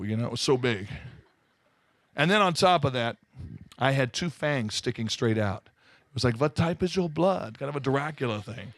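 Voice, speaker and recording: A man from Southern California telling his life story to an audience, animated and full of self-mocking humor. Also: medium pitch, dry recording, studio quality. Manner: animated storytelling, acting out quoted voices. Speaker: speaker giving his testimony. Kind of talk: testimony to a live audience.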